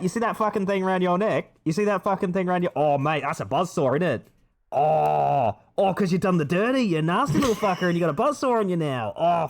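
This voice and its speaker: A man's voice: sits high, gravelly. A man voicing a foul-mouthed Australian take on a horror-film puppet killer, profane and blustering, in a comedic clip from an old stream. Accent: Australian, put on.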